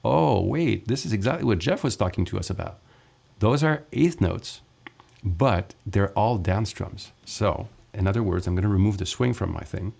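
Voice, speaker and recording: A man's voice: on the low side, normal speed, gravelly, husky. A man teaching ukulele in a casual lesson, counting beats aloud while he strums and chatting between takes. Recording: ukulele playing loudly under the voice.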